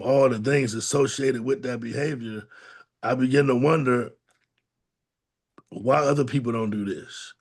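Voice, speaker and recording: A man co-hosting a talk show, giving candid, plainspoken testimony in casual slang and acting out quotes from people in his past. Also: mid-range voice. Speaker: podcast co-host and domestic violence advocate.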